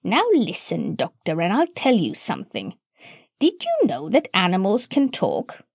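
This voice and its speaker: A woman's voice: mid-range voice, huge pitch swings, measured pace, creaky, breathy edge, dry recording, clean studio sound, full character voice. A woman voicing a proud, clever female parrot who lectures her owner and squawks bird calls. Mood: lecturing.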